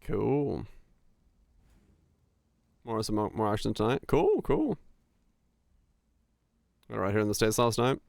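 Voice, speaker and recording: A male streamer chats loosely while he plays, rambling through stories and laughing often. His voice is low and smooth, recorded dry and close. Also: fairly even intonation, moderate pace, pauses often, no room sound. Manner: rambling, laughing storytelling with many fillers. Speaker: game streamer. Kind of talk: casual chat while gaming.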